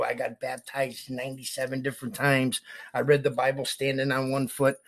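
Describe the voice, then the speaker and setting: A man's voice: mid-range voice, creaky. A man in recovery sharing a sincere, folksy story in casual conversation, grateful to his friend. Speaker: guest in recovery.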